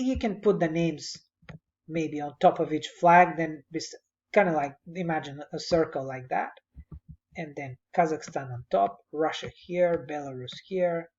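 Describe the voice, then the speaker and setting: A man's voice: fairly high pitch, a little mellow, highs cut off. A male instructor giving conversational, encouraging spoken feedback to a student on a presentation, speaking at his computer.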